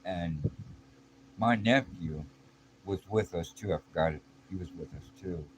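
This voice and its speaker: Middle-aged man, very low voice, blunt streetwise storytelling, noisy background. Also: unhurried. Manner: blunt, streetwise, with slang and restarts. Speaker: vlogger. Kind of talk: casual personal storytelling. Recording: clear background noise.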